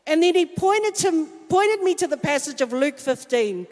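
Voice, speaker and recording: A woman's voice: sits high, expressive, normal speed, few pauses. A woman telling a candid, self-mocking personal story in a sermon. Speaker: speaker at a church talk. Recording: long hall reverb.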